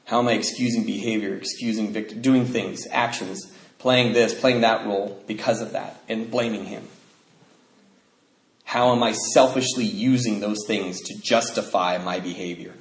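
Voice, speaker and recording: A man sharing his story with a group, animated and laughing often, jumping high in pitch when he acts out other people. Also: normal speed, echoey room.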